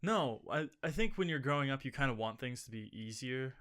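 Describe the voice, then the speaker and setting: A man's voice: medium pitch, expressive, fairly quick, a bit bright, smooth. A man co-hosting a casual podcast, rambling and joking with lots of fillers. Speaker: podcast co-host. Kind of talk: casual chat.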